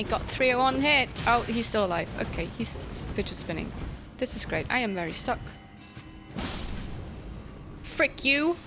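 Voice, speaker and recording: A woman's voice: a little high, lively intonation, fairly quick, music in the background. A woman streaming a video game, chatting playfully with her viewers, reading their messages aloud and swearing casually at enemies. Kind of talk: casual gaming livestream commentary.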